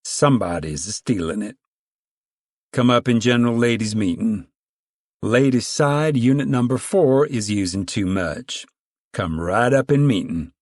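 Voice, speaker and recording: Man reading as a stern committee-chair woman, bossy rural drawl, raised pitch, dry sound. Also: expressive, a little slow, no room sound.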